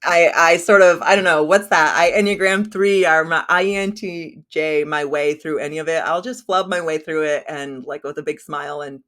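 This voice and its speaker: A woman's voice: deep voice, steady tone, moderate pace, hardly any pauses, fairly bright tone. A woman whose first language is Spanish, chatting as a guest on a podcast in a self-deprecating, filler-heavy way. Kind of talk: casual podcast conversation.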